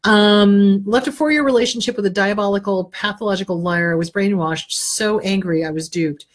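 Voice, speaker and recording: Blunt, husky-voiced woman therapist. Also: mid-range voice, moderate pace. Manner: blunt, animated, acts out quoted inner voices. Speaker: therapist host answering viewer questions. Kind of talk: casual advice talk.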